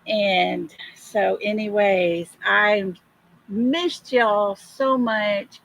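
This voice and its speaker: Older woman, hoarse livestream host: slow, gravelly, husky. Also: medium pitch, steady tone, a bit bright, rough recording. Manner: slow, friendly greetings to viewers. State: hoarse from illness. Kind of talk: casual livestream chat.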